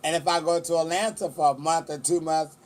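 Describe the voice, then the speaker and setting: A man's voice: a little high, flat delivery, brisk. Chatty, salty-mouthed man in his forties. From California. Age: 40s. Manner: chatty, profane storytelling. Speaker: vlogger. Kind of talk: casual chat. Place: at the beach outdoors.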